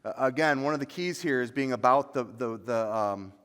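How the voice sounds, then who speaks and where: A male pastor preaching a sermon, building to loud, emphatic peaks on dramatic lines. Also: medium pitch, normal speed, smooth. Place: church sanctuary. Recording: long church reverb.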